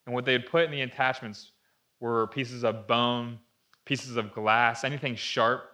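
A man preaching a sermon, reading scripture and retelling the story vividly, dropping to a hushed tone at dramatic moments. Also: mid-range voice, steady tone, a little slow. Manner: storytelling, acting out voices in Bible readings. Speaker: pastor.

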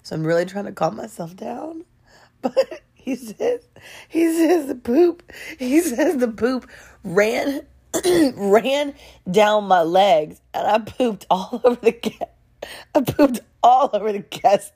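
Slow, husky woman telling a story. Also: fairly high pitch. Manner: animated, keeps breaking into laughter; addresses viewers directly. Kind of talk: casual storytime vlog.

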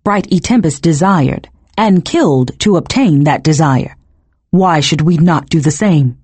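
A woman narrator voicing a cold, zealous male cult leader who speaks in a measured, slightly clipped way, with a husky, animated delivery. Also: low-pitched, no room sound, exaggerated voice.

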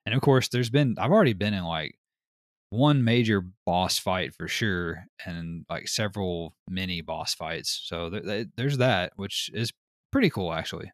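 A man hosting a podcast in casual chat, telling stories in an animated way, laughing often and swearing casually. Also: low-pitched, moderate pace, no echo, studio quality. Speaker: podcast host.

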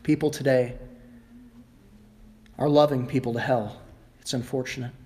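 A male pastor preaching a sermon emphatically, rising sharply in pitch and volume at his high points and mimicking other people sarcastically. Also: fairly even intonation, moderate pace. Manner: emphatic preaching with wide swings in pitch and loudness; mocking voices of the world in sarcastic asides.

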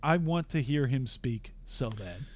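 A man's voice: mid-range voice, expressive, measured pace, a little mellow, slight background noise. A young man co-hosting a podcast, chatting casually with friends in a joking, rambling, self-mocking way. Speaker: podcast co-host. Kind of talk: casual chat.

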